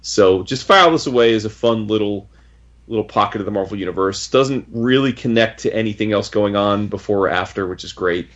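A man's voice: on the low side, fairly quick, fairly bright tone. A man casually reviewing a comic book on a podcast, enthusiastic and rambling, with frequent restarts. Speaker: podcast co-host. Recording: dull lo-fi audio.

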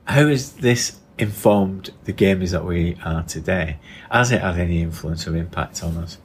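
A man's voice: deep voice, normal speed, a little hiss or hum. A middle-aged man with a northern English accent, co-hosting a casual podcast chat and steering it with questions. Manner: steering the talk with questions and tag questions. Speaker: podcast co-host.

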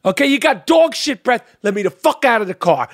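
Guy with a real high voice cussing his way thru a podcast story, dry close sound. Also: sing-song, fairly quick, fairly bright tone, no echo. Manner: profane, heated storytelling. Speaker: podcast host. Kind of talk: casual chat.

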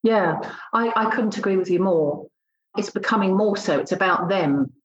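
A woman's voice: medium pitch, moderate pace. Blunt woman, lo-fi sound. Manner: blunt, emphatic, acts out exchanges. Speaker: recruitment consultant. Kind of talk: casual interview talk.

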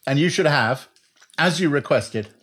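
A man's voice: a little high, animated, measured pace, fairly bright tone, slightly rough. A man hosting an interview, setting up his questions with background detail in an easygoing, conversational way. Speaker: interview host.

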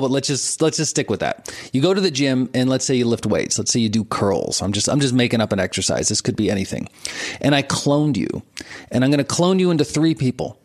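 A man coaching entrepreneurs, explaining breath and intention in a relaxed conversational way, with frequent chuckles and repeated words as he thinks. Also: mid-range voice.

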